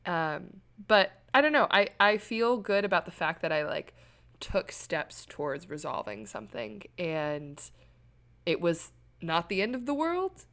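Young woman, podcast co-host, casual chat, candid, animated, lower pitch. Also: a little slow, creaky. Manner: candid, animated storytelling with laughs.

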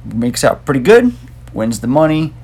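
A man's voice: medium pitch, big pitch swings, normal speed, darkish tone, husky. A man co-hosting a casual movie review podcast, talking in a loose, rambling, laid-back way. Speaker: podcast co-host.

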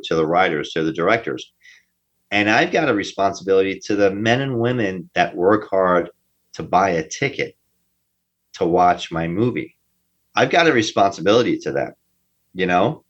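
A man's voice: low-pitched, a bit bright. A man from New Jersey, an actor being interviewed, talking emphatically and often repeating himself. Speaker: actor guest. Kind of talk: casual interview talk. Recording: dull lo-fi sound.

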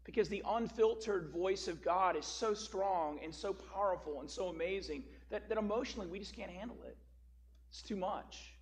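A male pastor with a high-pitched voice delivers a sermon, moving from a folksy story into scripture teaching. He leans on key words, pushing his voice up for emphasis. A faint hum sits under the recording. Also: normal speed.

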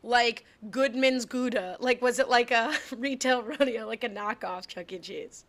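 A woman's voice: on the high side, a bit bright. A young woman co-hosting a podcast, chatting casually and laughing often as she recaps a movie. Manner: quick, laughing, jumps in often. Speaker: podcast co-host.

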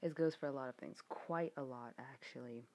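A young American woman ranting in a frustrated, exasperated way, swearing often, her voice getting a bit hoarse. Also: extremely low pitch, normal speed, darkish tone. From United States. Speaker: vlogger. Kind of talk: rant vlog.

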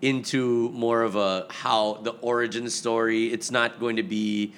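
A man in casual chat about movies, talking in a rambling, self-correcting, animated way. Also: mid-range voice, a little slow, a little hiss or hum.

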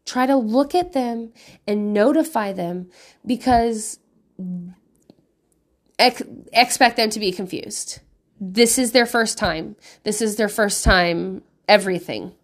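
A woman's voice: on the high side, unhurried. A woman in her thirties, a mother of five, giving candid parenting advice in a casual monologue, swearing freely and laughing often.

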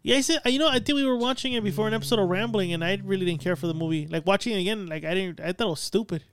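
A man co-hosting a podcast, chatting casually and telling profane, animated stories about movies he has seen. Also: high-pitched, very fast. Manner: profane, animated storytelling with quoted voices. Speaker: podcast co-host. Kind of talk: casual chat.

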